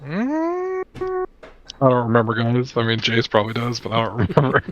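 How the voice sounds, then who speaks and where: A man's voice: medium pitch, very animated, normal speed, muffled recording. Chatty man playing a tabletop game. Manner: chatty, laughing, self-deprecating. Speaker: player. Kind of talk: casual tabletop play.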